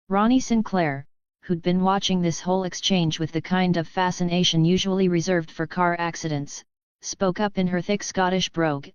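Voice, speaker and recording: A woman narrates an audiobook in a steady, even reading. Her voice is low and smooth. The recording is dry and a little dull. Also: moderate pace, no room sound. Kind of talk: scripted narration.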